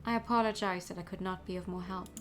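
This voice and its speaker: A woman's voice: fairly low pitch, fairly even intonation, slight background noise, voice pushed down, close to an everyday voice. A woman voicing a formal, apologetic male fox informant in a game. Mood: polite. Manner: formal, measured.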